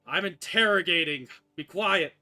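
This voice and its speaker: A man voicing a grouchy, angry female fox spirit in a tabletop game, shrill and shouting. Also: a little slow, natural voice. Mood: irritated.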